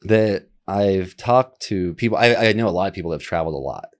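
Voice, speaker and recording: A man hosts a podcast with a fairly low voice and an easygoing, chatty manner. He banters loosely with his guest and laughs readily. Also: fairly quick. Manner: relaxed and chatty, laughs easily. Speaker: podcast host. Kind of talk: casual conversation.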